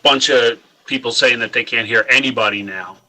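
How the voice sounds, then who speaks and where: A man's voice: medium pitch, normal speed, pushed and bright, low-quality recording. A man co-hosting a casual podcast, speaking hesitantly with frequent restarts. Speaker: podcast co-host.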